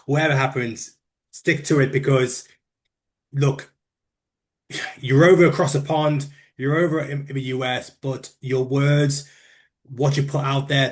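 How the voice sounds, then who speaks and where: A man from the UK hosting a casual interview, chatty, often starting with "look" and "mate" and repeating words. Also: medium pitch. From United Kingdom. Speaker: interview host.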